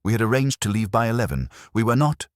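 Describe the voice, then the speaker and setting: A man voicing a composed, reserved young widow with a faint Adriatic accent, speaking softly and with restraint. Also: on the low side, very animated, fast talker, no echo, clean studio sound, pitched above the performer's own voice. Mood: tense restrained. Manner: soft, restrained.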